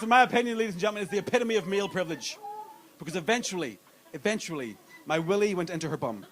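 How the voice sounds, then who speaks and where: A brash male comedian working a comedy club crowd with crude, punchy storytelling. His voice sits notably high for a man. Clear audience noise hangs behind him in the live room. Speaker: stand-up comedian. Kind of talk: stand-up comedy set.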